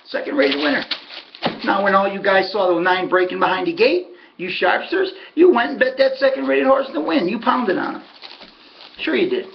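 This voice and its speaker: A harness racing handicapper with a high-sitting, creaky voice gives a casual, folksy recap of his race picks. He's sardonic, talking to himself about his bets, and the audio sounds dull.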